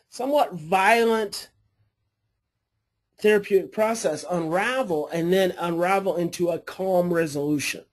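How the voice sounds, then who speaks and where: Man telling a therapy story animatedly. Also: high-pitched. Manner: animated storytelling, acts out quoted voices. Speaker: adoption coach and therapist. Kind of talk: storytelling lecture to a class.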